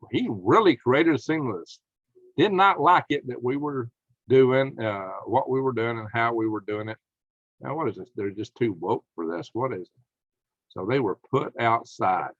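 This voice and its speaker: A man delivers angry political commentary, his pitch swinging widely as he rails against officials. The sound is dry and a little dull, as if from a lo-fi home setup. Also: no room sound. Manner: indignant, emphatic, apologizes to viewers.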